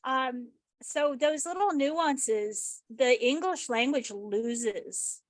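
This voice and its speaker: A woman's voice: high-pitched, lively intonation, slow pace, a little mellow, no echo. An American woman hosting a podcast interview over an online call, chatty and rambling, laughing easily. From United States. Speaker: podcast host. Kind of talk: casual remote interview chat.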